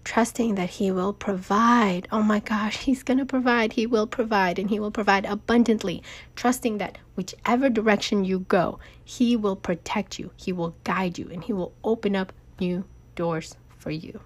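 A woman's voice: medium pitch, moderate pace. A woman business owner hosting her own show, talking emphatically and tearfully about her faith. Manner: emotional, emphatic, confessional. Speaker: podcast host, business owner. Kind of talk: personal faith talk.

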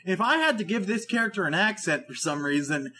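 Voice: mid-range voice, lively intonation, a little fast, sharp tone. Joking podcast co-host cutting in. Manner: interjecting, joking, talks over others. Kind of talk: casual podcast chat.

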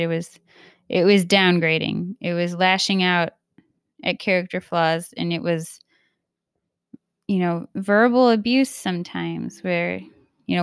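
A woman's voice: on the low side, measured pace, smooth, no room sound, studio quality. A woman hosting a podcast, talking in a casual, earnest, confiding way and acting out the voices she quotes. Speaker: podcast host. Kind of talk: casual reflective monologue.

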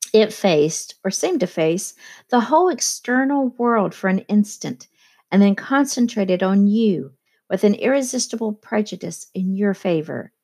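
A woman's voice: medium pitch, a little mellow. Woman reading a novel aloud. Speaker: audiobook reader.

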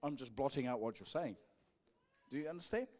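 During a church service, a male pastor with a New Zealand accent delivers a live sermon full of cheeky humor, teasing the congregation and performing both sides of conversations. He speaks fairly quickly in an animated, medium-pitched voice with a darkish tone.

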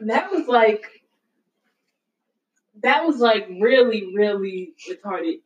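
A woman giving opinions in a casual chat in a halting way, often repeating herself. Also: mid-range voice, animated, recorded from a distance, dull audio. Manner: slow, halting, repeats words.

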